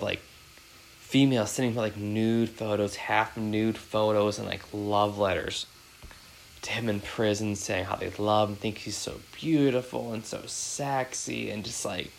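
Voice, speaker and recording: A man's voice: on the low side, creaky, fairly bright tone, slight background noise, poor audio. A man in his thirties hosting a podcast, chatting casually and rambling with many fillers. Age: 30s. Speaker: podcast host.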